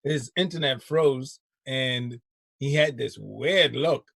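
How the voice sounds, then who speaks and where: Husky laid-back male show host. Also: medium pitch, slow pace, fairly bright tone, dry recording. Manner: laid-back, laughs often, uses slang. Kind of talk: casual chat.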